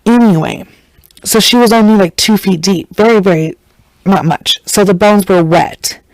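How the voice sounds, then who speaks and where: A woman tells a true-crime story in loose, irreverent podcast chat. She slips into the voices of the people she quotes. Her voice sits at a middling pitch and is recorded close and dry. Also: normal speed, a little mellow, no room sound, rough recording. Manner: chatty, acts out quotes with shifting pitch; blunt and irreverent. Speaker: podcast host.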